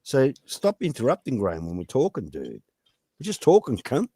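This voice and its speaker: Australian man, loud-mouthed panel regular, swings his pitch a lot, dry close sound. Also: wildly swooping pitch, normal speed, husky, dry recording. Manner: blunt and emphatic, heavy swearing, repeats his point. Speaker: panelist on a live stream. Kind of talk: casual chat.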